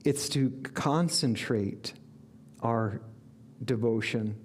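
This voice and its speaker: A man's voice: medium pitch, takes it slowly. A man giving an inspirational sermon as a spiritual teacher, earnest and reflective, with bursts of enthusiasm.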